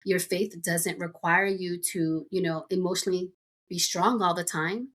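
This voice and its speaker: A woman's voice: on the low side, takes it slowly. A middle-aged woman from the United States, a podcast guest, chatting casually and telling a rambling story full of fillers and asides. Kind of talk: casual chat.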